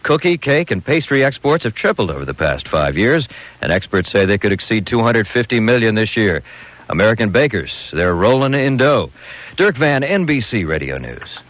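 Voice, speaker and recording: A man reading the radio news, brisk and crisp, with a light play on words. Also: fairly low pitch, sing-song, fairly bright tone, a little hiss or hum. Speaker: radio newsreader. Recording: dull lo-fi radio broadcast.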